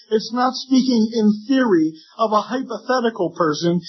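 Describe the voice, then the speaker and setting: Husky-voiced man preaching a sermon. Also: sits high, lo-fi sound. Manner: earnest preaching with voiced imagined objections. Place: church.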